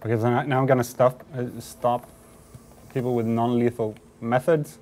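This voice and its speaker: A man's voice: medium pitch, little pitch movement, moderate pace, a little mellow. A man co-hosting a game livestream, chatting casually and joking about his own play, with game music faintly behind. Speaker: livestream co-host playing the game. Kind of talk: casual gameplay chat.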